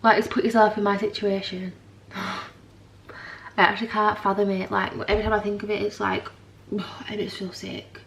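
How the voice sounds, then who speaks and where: A woman's voice: mid-range voice, level tone, moderate pace, gravelly, fairly bright tone, echoey room, recorded from a distance. A young mother vlogging in a frank, rambling chat to camera, tired and swearing now and then. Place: home.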